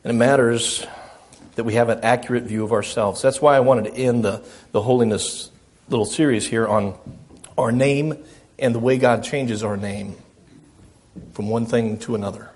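A man's voice: mid-range voice, fairly even intonation, moderate pace, darkish tone. A middle-aged man preaching a sermon as a pastor, earnest and self-deprecating, often repeating his phrases.

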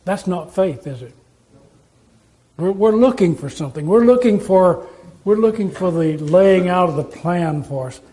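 A male pastor gives a sermon in a high, warm voice at a measured pace, speaking in a relaxed, conversational way and drawing listeners in with rhetorical questions and homespun stories. The recording is low quality.

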